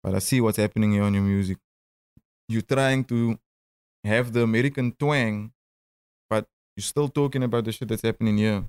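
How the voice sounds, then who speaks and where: In studio-quality audio with no echo, a fairly low, darkish voice comes through clear and resonant, with fairly even intonation. The speaker is a South African rapper in his thirties with a Cape Town accent, a guest in a casual interview who tells stories, often stammering and restarting, with quick asides and laughs.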